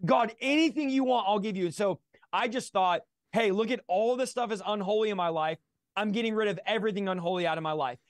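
A man's voice: high-pitched, quick pace, dry recording, clean studio sound. A man in his thirties, a guest in a livestream interview, telling his testimony with a passionate, preacher-like drive.

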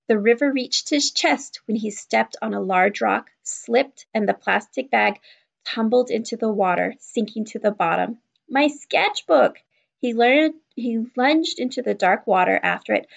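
A woman reading a children's novel aloud in a steady, even storytelling voice. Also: a little high, gravelly. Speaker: children's book reader. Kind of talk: read-aloud narration.

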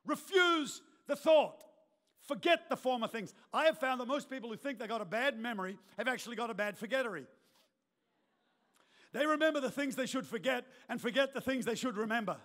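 High-voiced pastor preaching in a hall. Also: male voice. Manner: emphatic, repetitive, rising to shouted prayer. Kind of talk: sermon. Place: large church auditorium, indoors. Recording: long reverb of a large church hall.

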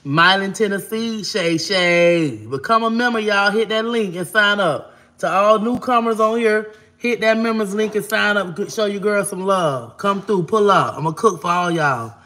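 A woman hosting a casual livestream, talking fast and giving shout-outs to viewers as she reads their comments. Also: medium pitch.

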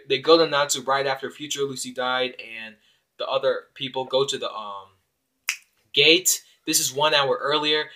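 Young male anime reviewer, bright, rambling, casual. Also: medium pitch. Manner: rambling with fillers and voiced quotes. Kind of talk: casual episode recap. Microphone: phone.

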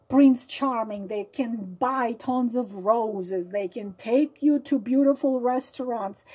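A woman's voice: high-pitched, warm tone, rough recording. A woman tarot reader explaining a card through real-life stories, hesitant with many fillers and leaning hard on dramatic words.

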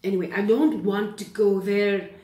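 A woman giving a casual tarot reading to camera. She is excitable and keeps checking in with "okay?". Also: medium pitch, normal speed, roomy sound. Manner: excitable, repeats "okay?" often. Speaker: tarot reader.

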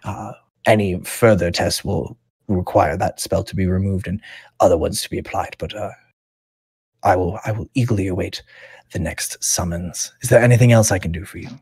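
A man's voice: sits low, moderate pace, a little mellow, husky, no room sound, full character voice. A man voicing a prim, fussy male manservant mage in a tabletop game. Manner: prim, fussy, murmuring "hmm".

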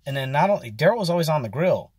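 Husky-voiced man in his forties, rambling. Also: fairly high pitch, big pitch swings, rapid-fire, a little mellow, no echo, studio quality. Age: 40s. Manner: rambling, many fillers and restarts. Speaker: vlogger. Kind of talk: casual storytelling.

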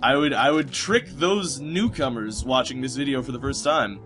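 A man's voice: mid-range voice, normal speed, fairly bright tone, faint music behind. A man giving casual gameplay commentary, rambling and self-mocking, cursing at the game and slipping into a put-on British accent at times. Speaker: let's play commentator.

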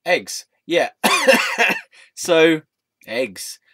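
A man's voice: on the high side, wildly swooping pitch, extremely slow, pushed and bright, slightly rough, dry recording. A young man rambling in a scattered monologue, often laughing, swearing and losing his train of thought. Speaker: vlogger. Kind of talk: rambling stream-of-consciousness monologue.

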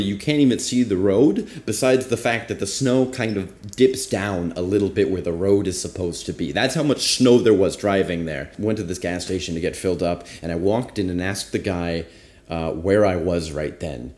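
A man's voice: low-pitched, normal speed, darkish tone. A young man casually telling a rambling, self-deprecating travel story as a vlogger. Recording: roomy echo.

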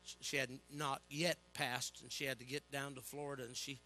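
An older man preaching a sermon, telling animated personal stories with humor and calling for "Amen?" from the congregation. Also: mid-range voice, brisk, soft background music.

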